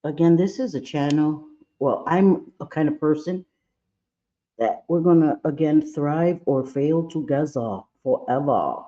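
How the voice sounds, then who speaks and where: A man's voice: a little high, measured pace, dark tone, muffled recording. A man hosting a casual makeup tutorial livestream, chatting playfully and scolding his own eye and brush aloud as he works. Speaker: makeup vlogger.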